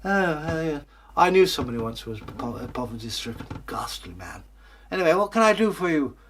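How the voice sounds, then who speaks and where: A man voicing a pompous, haughty male king with a raised, drawn-out voice. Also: on the high side, very animated, a bit bright, a little hiss or hum, pitched above the performer's own voice.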